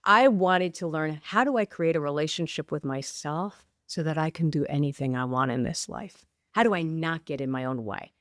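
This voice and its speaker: A woman's voice: low-pitched, moderate pace, no room sound, clean studio sound. A woman author and coach, a podcast guest, talking emphatically and restarting sentences eagerly. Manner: emphatic, affirms often with repeated yeses. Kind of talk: interview conversation.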